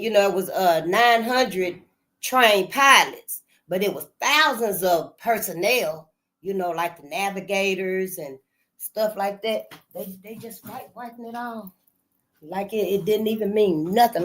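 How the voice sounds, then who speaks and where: A woman at a middle pitch, speaking as a channel host in relaxed, unscripted commentary. Her delivery is loose and conversational, with phrases doubled back on and sentences left hanging. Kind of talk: casual spoken commentary.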